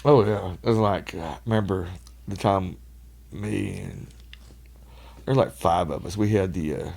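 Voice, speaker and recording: Gravelly man, folksy and profane. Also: deep voice, a little mellow. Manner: swearing, laughs often, folksy. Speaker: podcast guest. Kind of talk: casual storytelling.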